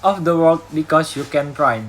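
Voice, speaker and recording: Young Indonesian student, male, slightly high-pitched, reads a class talk haltingly with slips and restarts. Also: fairly bright tone, low-quality recording. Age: young adult. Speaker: university student. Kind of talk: retelling a talk for a class assignment.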